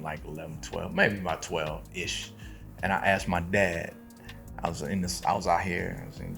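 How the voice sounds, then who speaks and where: A man's voice: deep voice, creaky, fairly bright tone. A man co-hosting a podcast, telling a personal story in casual chat with frequent laughs. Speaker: podcast co-host.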